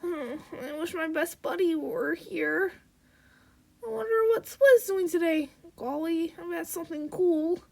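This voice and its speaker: A woman doing a squeaky whiny little clown creature. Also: takes it slowly, vocal fry, darkish tone, exaggerated voice. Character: timid little childlike clown creature, gloomy.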